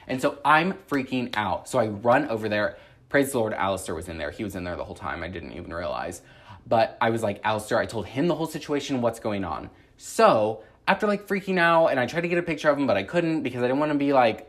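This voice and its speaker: A man's voice: lowish voice, fairly quick. Young man anxiously retelling a story. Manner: anxious, rambling retelling with many "like"s. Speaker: YouTuber. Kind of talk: casual storytime. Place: his apartment.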